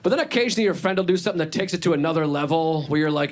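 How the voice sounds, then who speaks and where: A man in his forties doing a stand-up set, self-deprecating, deadpan asides mixed with animated impressions of his friends. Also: a little high, rapid-fire. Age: 40s. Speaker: stand-up comedian. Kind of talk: stand-up routine. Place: comedy club stage before a live audience. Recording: live club set with a laughing crowd. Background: audience laughter.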